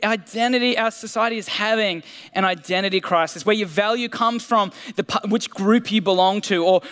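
This sermon comes from a man with a high, slightly bright voice, preaching casually and self-deprecatingly with fillers and restarts. A long hall reverb colors the recording.

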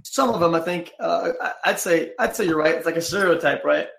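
A man from Quebec with a French accent, a streamer in rambling, halting casual chat. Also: on the high side, gravelly, fairly bright tone, echoey room. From Quebec, Canada.

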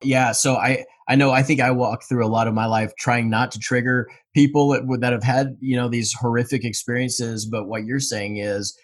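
A man's voice: mid-range voice, fairly even intonation, normal speed, few pauses. A man interviewing a guest, reflecting her points back to her in his own words. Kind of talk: conversational interview.

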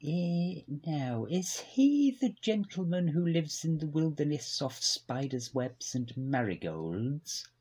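Posh British record-label gent, prim and baffled, very swooping pitch; a man puts him on. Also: very animated, slow pace, few pauses, a little mellow, slightly rough, exaggerated voice. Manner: plummy, stiffly polite, literal-minded.

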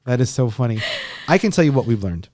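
A man co-hosting a podcast in casual chat, rambling and swearing, quick to laugh. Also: mid-range voice, lively intonation, a little mellow. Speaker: podcast co-host. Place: home recording room.

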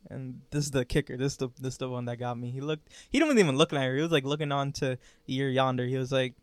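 A man's voice: medium pitch, quick pace, no room sound. A young man co-hosting a podcast, telling stories in casual chat and laughing often as he talks. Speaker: podcast co-host.

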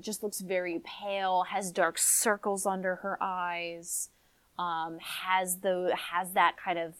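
Woman game master, relaxed chatty narration, fillers throughout. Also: lowish voice, poor audio. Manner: casual, filler-heavy narration.

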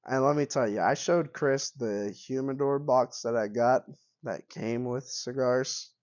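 A man's voice: mid-range voice, measured pace, a little mellow, dry recording, highs cut off. A young man co-hosting a casual podcast, stuffy and coughing from allergies, joking and swearing a lot. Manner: joking, swears often, says "dude" and "bro". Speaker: podcast co-host. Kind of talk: casual chat.

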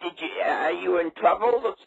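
Confused raspy old man on the phone. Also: high-pitched, normal speed, no echo. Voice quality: raspy, gravelly. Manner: confused, rambling, repeats himself. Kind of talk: prank call clips. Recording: muffled phone line.

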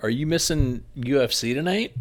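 A man in a casual podcast chat, chiming in with quick reactions and questions. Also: medium pitch. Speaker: podcast co-host.

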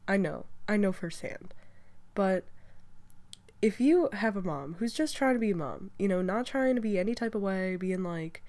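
A woman's voice: mid-range voice, expressive, moderate pace, a little mellow. A young woman hosting a casual solo talk show, rambling chattily with lots of fillers and restarts, a bit stuffy from allergies. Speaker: podcast host.

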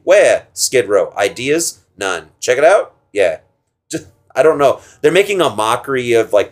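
A man co-hosting a podcast, casually retelling a film's plot, laughing often and slipping into silly voices for the characters' lines. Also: medium pitch. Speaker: podcast co-host. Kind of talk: casual movie recap chat.

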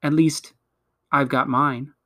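Quick, plucky schoolboy in a storybook, voiced a bit higher, by a man. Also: flat delivery, fairly bright tone.

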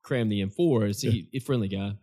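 Host, male, quick talker, asks short questions. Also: on the low side, mellow. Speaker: podcast host. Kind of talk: casual interview.

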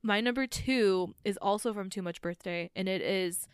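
An earnest woman talking casually, rambling a little as she goes. Her voice is very crisp and resonant, and the recording is close and dry. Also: mid-range voice, normal speed, no echo. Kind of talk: casual chat about a TV show.

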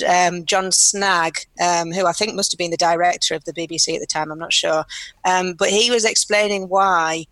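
A woman co-hosting a language podcast, talking casually in a halting way with frequent laughs. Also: mid-range voice, a bit bright, dry recording. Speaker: podcast co-host. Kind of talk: casual discussion.

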